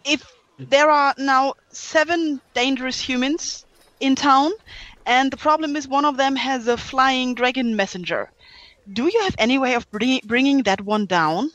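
High-voiced woman playing a dwarf. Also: measured pace, a bit bright, no echo, lo-fi sound. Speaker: player. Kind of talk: playing a dwarf in a tabletop game.

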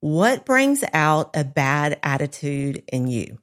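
A woman's voice: low voice, big pitch swings, slow pace. A woman co-hosting a casual chat, candid and self-deprecating, speaking to listeners. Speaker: podcast co-host.

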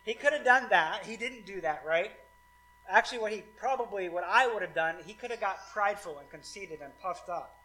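A man's voice: high voice, expressive, fairly quick, pushed and bright, rough recording. A man preaching a sermon as pastor in a casual, conversational way, often checking in with his listeners. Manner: casual and conversational, many fillers like "like" and "right".

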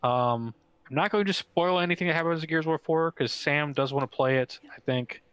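A young man co-hosting a casual gaming podcast, telling stories excitedly with lots of fillers. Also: fairly high pitch, clean tone, no room sound, muffled recording. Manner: excitable, fast storytelling with swearing and many fillers. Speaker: podcast co-host.

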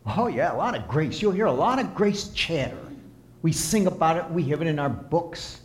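A man preaching a sermon and counseling as he talks, impassioned, swinging from soft to emphatic. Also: on the high side, lively intonation, normal speed. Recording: echoey room.

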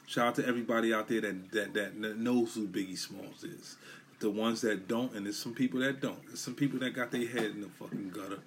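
A man's voice: fairly low pitch, fairly even intonation, a little fast, gravelly, slight background noise. A man hosting a solo podcast in loose, emphatic, profane street talk. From Brooklyn, New York. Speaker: podcast host. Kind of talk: casual solo podcast monologue.

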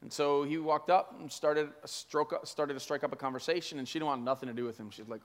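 A man's voice: a little high, steady tone, quick pace, few pauses. A man preaching as a pastor, telling a story conversationally with many fillers. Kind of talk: sermon storytelling. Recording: long hall reverb.

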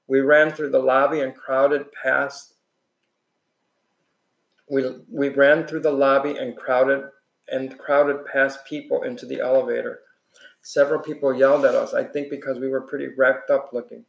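A man reads a novel aloud in an earnest, steady way, now and then restarting a phrase. His voice sits at a middle pitch, and the room around him is echoey. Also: vocal fry. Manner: earnest reading with small restarts.

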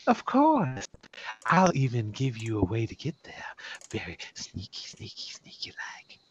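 A man's voice: mid-range voice, wildly swooping pitch, a little slow, muffled recording, a little hiss or hum. A man voicing a creepy, coaxing sorceress who wheedles and drops into whispers. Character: creepy sing-song sorceress woman, coaxing.

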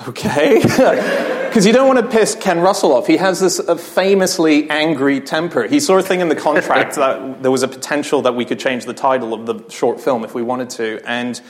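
A man telling stories as a guest on a live podcast in front of an audience, animated, acting out quoted people and laughing as he goes. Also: a little high, moderate pace, hardly any pauses. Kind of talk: live on-stage conversation, anecdotes.

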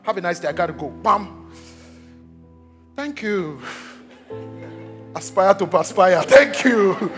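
A Nigerian man in his thirties preaching a sermon, telling a lively story, repeating words and acting out what people said. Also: sits high, slow, long pauses, faint music behind. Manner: animated storytelling, repeats words, acts out quotes. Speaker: pastor.

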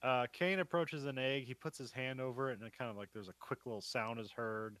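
A man's voice: mid-range voice, steady tone, brisk, a bit bright, no echo. A man co-hosting a film podcast, recapping scenes in a loose, chatty way and laughing often. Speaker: podcast co-host.

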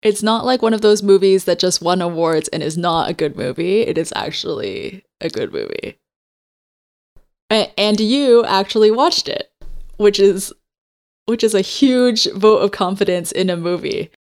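A woman co-hosting a casual podcast chat, chiming in with quick comments and questions. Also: medium pitch, lively intonation. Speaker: podcast co-host.

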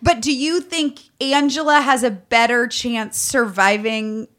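A middle-aged woman hosting a podcast, chatting casually with a playful, teasing manner and quick joking asides. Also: fairly high pitch, steady tone, a bit bright. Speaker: podcast host. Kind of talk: casual chat.

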